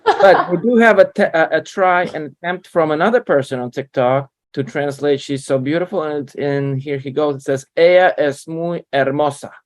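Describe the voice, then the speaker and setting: Relaxed man co-hosting on a video call. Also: on the high side, moderate pace, no room sound. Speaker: co-host and learner. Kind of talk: live online lesson chat.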